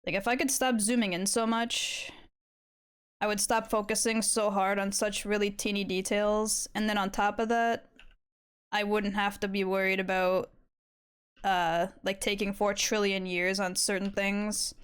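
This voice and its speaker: A woman's voice: mid-range voice, flat delivery, unhurried, clean tone. Casual, swearing woman streamer. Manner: casual and rambling, swears often. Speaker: live-streaming artist. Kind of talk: casual chat while drawing.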